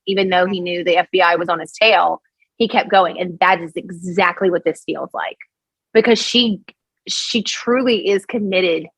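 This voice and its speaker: A woman from Louisiana with a Cajun accent, a podcast guest telling a story in an animated, rambling way. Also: fairly low pitch, slightly rough, dry recording, rough recording. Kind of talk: casual storytelling chat.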